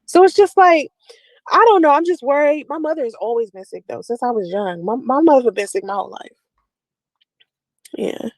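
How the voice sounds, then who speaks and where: A woman's voice: high voice, normal speed, long pauses, no echo, rough recording. A woman talking at length about her family and personal life, rambling and confessional, full of "like" fillers. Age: adult with a daughter. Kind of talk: personal talk to camera.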